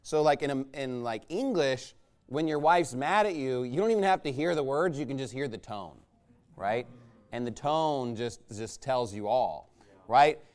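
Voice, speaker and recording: Here a pastor's medium-pitched voice comes across as expressive and a little mellow, at normal speed. His sermon is conversational and folksy, wandering as he poses rhetorical questions to the congregation.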